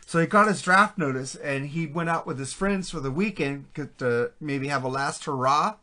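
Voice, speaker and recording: A fairly high-pitched man talking at normal speed co-hosts a podcast, telling stories in casual conversation. He's an animated storyteller who acts out the voices of the people he quotes.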